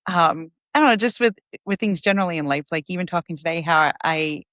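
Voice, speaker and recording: Earnest woman, low voice, dry mic. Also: fairly quick, a bit bright, no room sound. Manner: earnest, self-reflective, many fillers. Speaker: podcast co-host. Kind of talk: casual chat.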